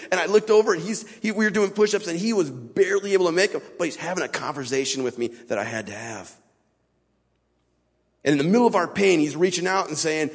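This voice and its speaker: A man's voice: a little high, lively intonation, fast, slightly rough. A man giving an informal sermon as a guest speaker in a church, talking in a casual, plain-spoken, conversational way. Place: church sanctuary. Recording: long reverb of a large church hall.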